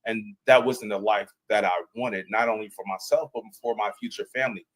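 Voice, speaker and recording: A man's voice: on the low side, fairly even intonation, brisk, low-quality recording. A man, a former airman, telling a personal story on a panel, earnest and emphatic with frequent restarts. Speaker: panel guest, veteran.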